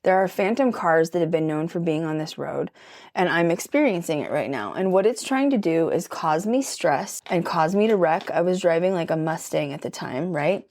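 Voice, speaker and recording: A young paranormal vlogger from Colorado tells a ghost story while doing her makeup, chatty and emphatic, peppering it with "like" and "okay?" Her voice is fairly low, animated and darkish, at normal speed.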